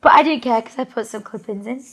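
A young woman co-hosting a podcast, chatty and quick to laugh. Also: fairly high pitch, rough recording. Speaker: podcast co-host. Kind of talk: casual chat.

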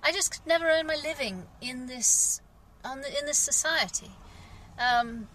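An English gardener talks candidly in a rambling vlog monologue, frustrated, sighing often and using many fillers. Her voice is on the high side, pushed and bright, in a rough recording with slight background noise.

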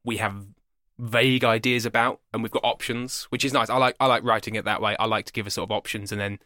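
A man's voice: lowish voice, steady tone, fast talker, bright, forceful tone, no room sound, studio quality. A man co-hosting a podcast in casual chat, talking loosely and tripping over his words. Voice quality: rubber-mouthed, stumbles over words. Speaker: podcast co-host.

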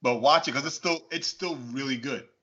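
A man co-hosting a podcast in casual chat, telling stories in an animated, exclaiming way and laughing often. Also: medium pitch, a little fast. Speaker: podcast co-host. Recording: dull, lo-fi podcast audio.

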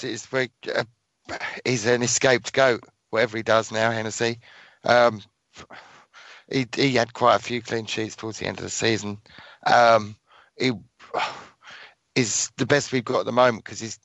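A man's voice: medium pitch, fairly even intonation, normal speed, fairly bright tone, no room sound, muffled recording. A man co-hosting a casual football podcast, hesitant and dry-humoured. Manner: dry joking, hesitant with fillers. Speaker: podcast co-host.

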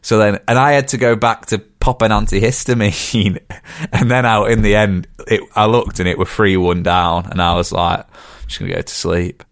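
A man's voice: lowish voice, fairly even intonation, normal speed, dry recording. Chatty man, dry sound. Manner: rambling, chatty storyteller. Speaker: podcast co-host. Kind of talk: casual chat.

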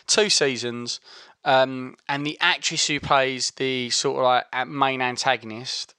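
This is a chatty man with an Essex accent, talking loosely on a podcast and tripping over his own sentences. His voice is bright and forward, recorded close and dry with no room sound. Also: mid-range voice, steady tone, a little slow, clear, resonant tone, dry recording. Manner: chatty, laughing, restarts and stammers. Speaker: podcast co-host. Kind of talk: casual chat.

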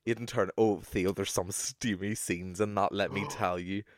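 A young man co-hosting a podcast in casual, sweary, animated chat. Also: low voice, moderate pace, dry recording, studio quality. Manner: chatty, swearing, animated with playful put-on voices. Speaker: podcast co-host.

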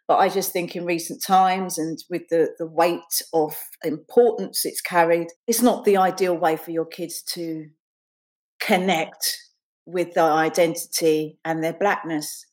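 A woman's voice: lowish voice, fairly even intonation, measured pace, a little mellow. Earnest, reflective woman. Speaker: author and guest. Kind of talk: interview chat and reading aloud.

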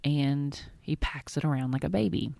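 A woman's voice: deep voice, normal speed, gravelly, warm tone, dry recording. A woman co-hosting a podcast in casual chat, a chatty, rambling storyteller who swears casually. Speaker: podcast co-host.

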